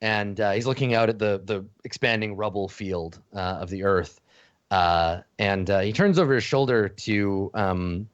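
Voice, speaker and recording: A man narrating a tabletop game as game master, halting, with many fillers and restarts. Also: on the low side, no echo. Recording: dull lo-fi dry audio.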